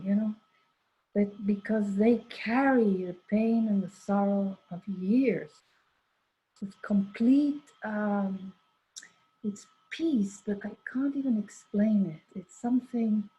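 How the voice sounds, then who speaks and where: A woman's voice: medium pitch, mellow. An older woman telling a personal story in a rambling, conversational way, full of asides and quoted dialogue. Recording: dull lo-fi recording.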